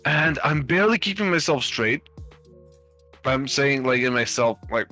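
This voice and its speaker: A man's voice: medium pitch, expressive, unhurried, bright, forceful tone, soft background music. A man casually telling a long anecdote on a live stream, rambling with lots of fillers and restarts and swearing freely. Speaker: stream host.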